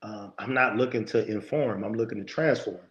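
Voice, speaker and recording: Homme au ton emphatique de prédicateur, son un peu étouffé. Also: male voice, fairly low pitch, brisk, dull audio. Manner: emphatic, preachy, lots of quoted self-talk. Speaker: podcast guest, motivational speaker. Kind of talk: conversational interview talk.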